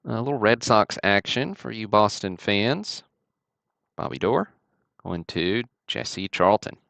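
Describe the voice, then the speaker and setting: Deep gravelly man, livestream host. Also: lively intonation, slow, a bit bright, no room sound. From Alabama. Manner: easygoing, chatty running commentary. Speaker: host of a card-break livestream. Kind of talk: casual livestream commentary.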